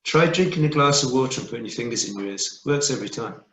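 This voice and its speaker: A man narrating as game master, relaxed and playful, asking players for checks. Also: mid-range voice, fast, echoey room, a little hiss or hum, rough recording.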